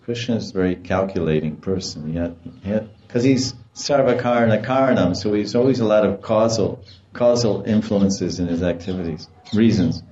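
A man delivers a devotional lecture in a lowish, mellow voice, telling stories with animation and laughter. The sound is muffled, as if from a room with plenty of echo. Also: normal speed, a little hiss or hum. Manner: animated storytelling, acts out quoted voices with laughter. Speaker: spiritual teacher.

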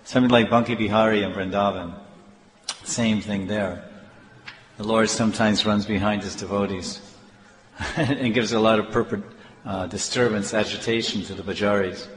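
A man telling devotional stories in an animated sermon, with halting restarts. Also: on the low side, slight background noise. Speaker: devotional storyteller. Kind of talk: storytelling sermon. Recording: echoey hall, faint ambience.

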